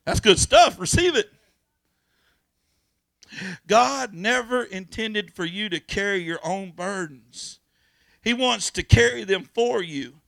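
A man preaches a sermon, his voice sitting high and gravelly. His tone is bright and forceful, and he swings from shouts to hushed pleas. The sound is dry and close, with no room around it. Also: animated, takes it slowly, pauses often, no echo. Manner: folksy storytelling with laughs. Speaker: pastor.

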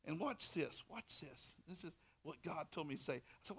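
A man preaching a personal testimony, swinging between loud bursts and hushed asides. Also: a little high, lively intonation, moderate pace, slightly rough. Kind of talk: sermon testimony.

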